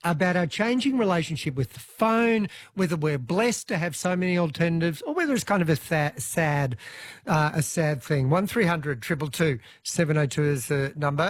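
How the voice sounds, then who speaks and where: An Australian talkback radio host chatting with callers in a lively way, laughing and acting out small quoted bits. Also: medium pitch, no echo. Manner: chatty, laughing, acts out little quoted lines.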